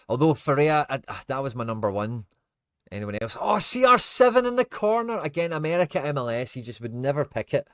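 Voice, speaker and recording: A young man in casual stream commentary who gets excitable, groans, scolds himself and chats to his viewers. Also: on the low side, dry recording, studio quality.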